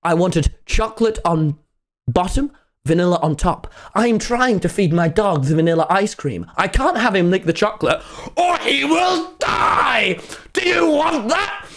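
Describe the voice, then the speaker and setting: A man voicing a fussy, demanding woman customer at an ice cream stand, shrill and melodramatic. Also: lively intonation, moderate pace. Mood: indignant.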